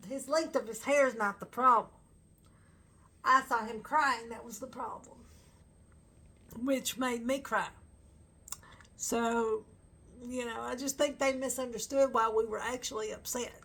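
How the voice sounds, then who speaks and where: A woman talks straight to her viewers in a loose, rambling fan chat. Her voice sits a touch high and sounds bright and forward, with a gravelly fry underneath. She pads her thoughts with fillers and laughs easily. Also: steady tone, a little slow, pauses often. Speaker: fan vlogger. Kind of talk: casual chat to camera.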